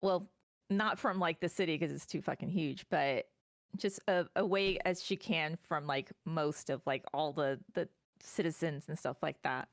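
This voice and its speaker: A woman narrating her character's actions at a tabletop game in a loose, rambling way. Her talk is full of fillers and casual swearing. Her voice is a little low, and the sound is dry and close. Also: a little slow, no echo.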